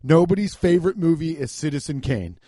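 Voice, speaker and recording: A man's voice: a little high, brisk, dry recording, clean studio sound. A man hosting a podcast, riffing in a comedic rant, swearing often and laughing as he talks. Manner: profane, laughing, animated riffing. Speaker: podcast host.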